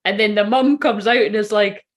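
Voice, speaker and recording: A woman's voice: mid-range voice, steady tone, moderate pace. A woman who works as a spiritual reader, chatting casually on a livestream, rambling, giggling and swearing freely.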